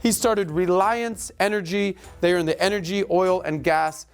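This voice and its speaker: A middle-aged man hosting a podcast, giving a casual rapid-fire rundown with breezy, joking asides. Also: sits high, fairly even intonation, soft background music. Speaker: podcast host.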